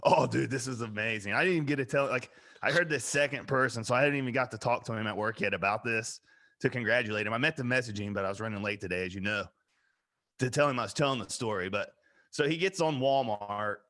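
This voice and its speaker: Midwestern male podcast co-host, bright forceful tone, loud laughing storyteller, swears freely. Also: mid-range voice, fast talker. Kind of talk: casual chat.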